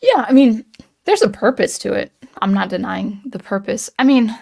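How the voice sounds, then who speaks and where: Woman streamer, mid-pitched voice, thinks out loud with lots of ums and restarts. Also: animated, normal speed, vocal fry. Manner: musing and hesitant, many ums and restarts. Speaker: livestream host reading chat comments. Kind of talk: casual livestream chat.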